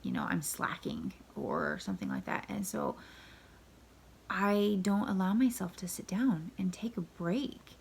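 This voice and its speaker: Tired gravelly-voiced woman vlogger. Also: mid-range voice, sing-song, measured pace, slight background noise. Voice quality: gravelly, husky. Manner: candid, rambling, self-critical, often drops to a near whisper. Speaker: vlogger, mother and wife. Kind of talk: casual confessional vlog.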